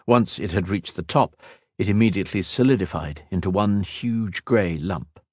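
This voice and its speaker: A man narrating a fantasy audiobook in a measured, expressive way. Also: sits low, dry recording, studio quality.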